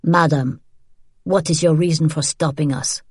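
A woman's voice: low voice, steady tone, a little slow, slightly rough, no echo, studio quality. A woman voicing a cold, menacing male secret police agent who questions in a clipped, level way. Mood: cold menace.

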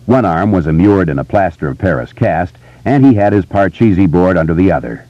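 Deep-voiced guy reading a story, dry and kinda muffled. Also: expressive, no room sound. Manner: low, measured, tense storytelling. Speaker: audiobook narrator. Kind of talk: scripted narration.

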